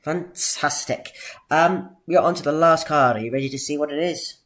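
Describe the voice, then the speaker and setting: Male podcast host, mock game-show presenter, theatrical drawn-out reveals with high-pitched jingles. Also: a bit bright. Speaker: podcast host running a quiz.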